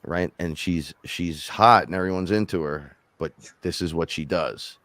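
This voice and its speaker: A rapper co-hosting a podcast, telling rambling, animated stories in casual chat and quoting himself along the way. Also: male voice, low-pitched, measured pace, no echo. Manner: rambling, animated storytelling with self-quotes.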